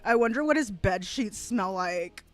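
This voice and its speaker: A woman's voice: mid-range voice, moderate pace. A woman streamer ranting in casual reaction commentary, swearing freely and often breaking into laughter. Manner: profane, animated ranting with frequent laughter. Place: home, rural area.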